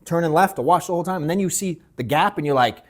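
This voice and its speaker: A man leading a live sales workshop, telling animated stories that act out his own reactions, swearing freely and calling the audience bro and dude. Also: on the high side, fast. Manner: animated storytelling, mimics himself, swears, calls people bro and dude. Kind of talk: casual, joking workshop talk.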